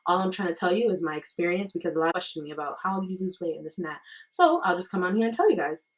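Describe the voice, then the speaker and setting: A young woman talks straight to her camera in a loose, chatty way, her voice sitting a little low. She leans on "like" and "you know" as she goes, and the sound comes from the device's own built-in mic rather than a proper microphone. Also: animated, racing, low-quality recording. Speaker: vlogger. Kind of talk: casual talk to camera. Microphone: built-in camera or phone mic, no external microphone.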